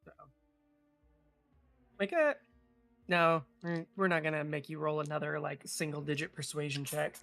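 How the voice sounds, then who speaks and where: Hesitant game master, higher male voice. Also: normal speed, vocal fry, long pauses, a bit bright, dry recording, faint music behind. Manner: hesitant, many filler sounds. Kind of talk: narrating a tabletop game.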